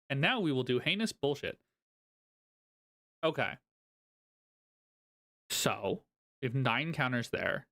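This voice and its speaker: A man talks through his card game play as he goes, thinking aloud and counting cards out loud, with a laugh slipping in often. His voice is smooth and clear, sitting at an ordinary pitch for a man. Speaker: card game content creator. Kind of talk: casual gameplay commentary.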